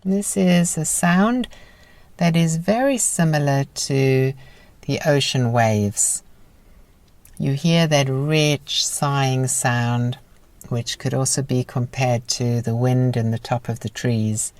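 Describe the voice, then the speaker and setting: A woman teaching a guided breathing lesson in a calm, encouraging, instructive manner. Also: extremely low pitch, slow pace, dry recording.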